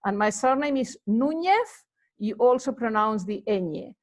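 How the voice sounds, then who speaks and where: A woman's voice: on the high side, lively intonation, a little slow. A woman giving a casual, rambling lesson, full of fillers as she explains greetings. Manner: chatty and rambling, many fillers. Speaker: Spanish teacher.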